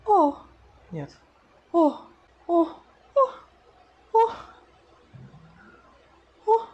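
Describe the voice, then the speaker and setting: A woman doing a villainous tyrant queen, pushed up into a strained, lofty high voice and spoken slowly. Haughty and cold, in the manner of an animated fairy-tale villain. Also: dull audio, full character voice. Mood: imperious. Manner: forced high-pitched voice.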